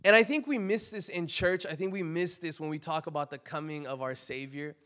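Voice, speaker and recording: A young male preacher with a slightly high voice talks to his congregation in a relaxed, chatty way. He leans on filler words, then swells into loud, emphatic bursts on his key points. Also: brisk. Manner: conversational, many "like" fillers, rising to loud emphatic peaks. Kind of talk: casual sermon.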